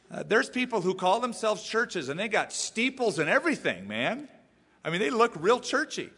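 A man preaching to a congregation in a lively, swooping voice that sits a little high for a man. He is playful and keeps acting out little quoted voices. His words ring out with the long reverb of a large hall. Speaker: pastor. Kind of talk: sermon.

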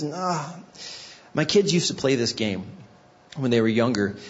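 A man's voice: medium pitch, highs cut off. A middle-aged man, a guest pastor, preaching a sermon. He explains scripture and tells stories, acting out the people in them. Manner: explanatory, storytelling with voiced asides.

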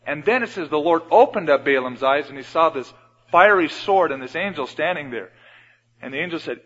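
A man preaching a sermon in a church, retelling Bible stories and often changing his loudness. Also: fairly high pitch, expressive, brisk. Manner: storytelling, acts out Bible scenes with shifts in loudness. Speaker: pastor. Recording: dull radio broadcast with long hall reverb.

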